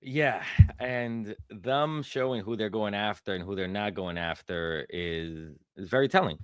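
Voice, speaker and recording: A man's voice: lowish voice, a little slow, a bit bright, clear, resonant tone, no room sound, studio quality. A man guesting on a chat show, talking loosely and acting out what others say. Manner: conversational, quotes others in put-on voices. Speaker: guest comedian. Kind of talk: casual chat.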